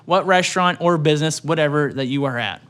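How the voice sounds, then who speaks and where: A man co-hosting a casual podcast, animated, swearing and laughing freely. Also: a little high, quick pace. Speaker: podcast co-host.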